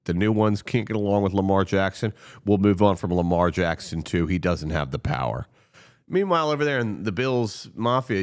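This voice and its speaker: A man hosting a sports commentary show, ranting in a heated, sarcastic way and swearing freely. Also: medium pitch. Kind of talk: opinionated sports rant.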